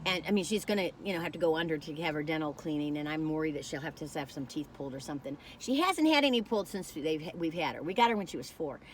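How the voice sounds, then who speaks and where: A woman's voice: low-pitched, lively intonation, quick pace, few pauses, a little hiss or hum. A woman reviewing food in a casual vlog, chatting while she tastes and telling a rambling story that keeps losing its thread.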